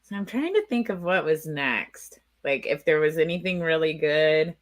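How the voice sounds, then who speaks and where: A woman's voice: sits low, lively intonation, moderate pace. A woman guest in a casual interview, blunt and wry, laughing at her own jokes.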